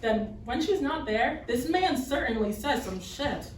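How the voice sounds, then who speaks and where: A woman reading first-person stories aloud in a readers theater performance, wry and unhurried, heard from a distant mic on a roomy stage. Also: high voice, animated, slight background noise.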